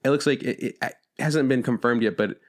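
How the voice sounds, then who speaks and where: A man's voice: mid-range voice, brisk. A man co-hosting a podcast, chatting casually and with lots of swearing about an anime, rambling and acting out lines from the show. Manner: rambling, profane, acts out quotes. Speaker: podcast co-host.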